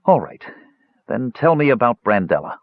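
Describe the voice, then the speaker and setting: A man's voice: medium pitch, very animated, moderate pace, no room sound, voice pushed up. A man voicing a wary half-elf. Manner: questioning, wary. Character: cautious young male half-elf. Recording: dull lo-fi audiobook recording.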